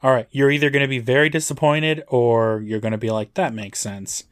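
A man's voice: mid-range voice, fast, smooth. A man co-hosting a podcast, recapping a TV episode in a dry, matter-of-fact way. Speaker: podcast co-host. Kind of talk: casual chat recapping an episode.

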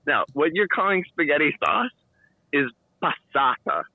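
A man's voice: fairly high pitch, big pitch swings, moderate pace, gravelly, no echo. A man on a phone call joining a casual chat, emphatic and lecturing as he corrects everyone. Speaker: caller.

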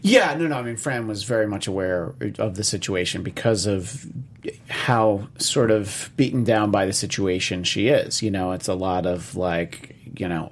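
A man's voice: lowish voice, moderate pace. A man discussing an old film in casual conversation, rambling with many fillers and restarts.

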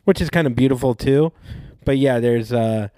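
Podcast host guy, jokey and laughing a lot, mid pitch, dry close sound. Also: normal speed, warm tone, no room sound. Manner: joking, laughs often. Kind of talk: casual chat.

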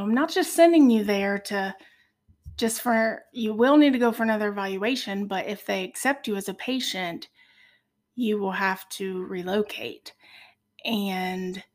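A middle-aged woman with a slightly high voice tells a personal story in an earnest, halting way, pausing often on fillers. She speaks with heartfelt emotion in a relaxed conversation. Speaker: podcast guest.

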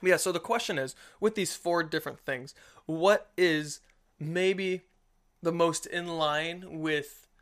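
His voice sits on the high side and moves slowly. He co-hosts a relaxed Christian discussion podcast, wandering through his points with animation and voicing little quotes aloud.

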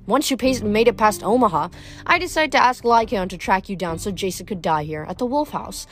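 A woman reading a book aloud, voicing a cold, scheming female snow goddess in an unhurried, purring way. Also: medium pitch, animated, lightly acted. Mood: silky, scheming. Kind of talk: read-aloud book narration.

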